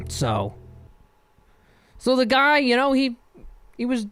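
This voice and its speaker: A man's voice: extremely high pitch, huge pitch swings, slow, fairly bright tone, clear, resonant tone, no room sound, faint music behind. A man hosting a casual solo podcast, rambling and joking and often laughing. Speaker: podcast host.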